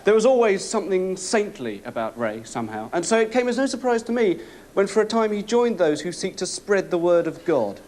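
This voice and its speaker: A man's voice: high voice, very animated, fairly quick, a little mellow, a little hiss or hum. Mock-serious male sketch narrator.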